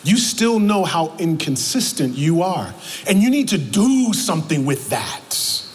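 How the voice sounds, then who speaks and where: High-voiced preacher in an echoing hall. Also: male voice, very animated, measured pace. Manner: emphatic, repeats words, calls out to the congregation. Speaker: pastor. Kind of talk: sermon. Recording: long hall reverb, faint ambience.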